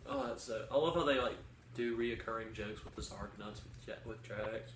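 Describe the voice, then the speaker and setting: A man's voice: fairly low pitch, moderate pace, fairly bright tone. Chatty young man in an echoey room. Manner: rambling, chatty storytelling with many likes. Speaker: podcast co-host. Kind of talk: casual chat. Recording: roomy sound from a distant mic with faint hiss.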